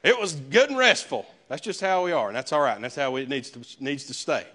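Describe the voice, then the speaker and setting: A man's voice: fairly high pitch, lively intonation, fairly quick, sharp tone. A male pastor, preaching a sermon in a conversational way with folksy asides. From American South.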